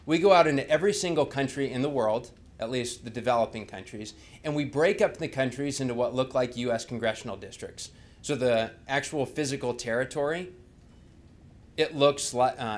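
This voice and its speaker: A man presenting a slide talk, speaking conversationally and asking the audience rhetorical questions. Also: mid-range voice.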